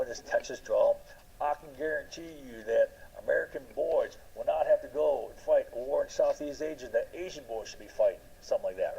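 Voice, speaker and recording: Low-voiced man lecturing with restarts. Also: creaky, mellow, muffled recording, a little hiss or hum. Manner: rambling, frequent "right?" and restarts. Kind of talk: classroom lecture.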